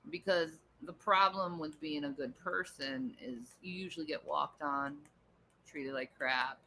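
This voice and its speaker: A woman's voice: deep voice, measured pace, pushed and bright, slight background noise, rough recording. A woman chatting casually on a home livestream, answering viewer comments, laughing often and cooing at her pet.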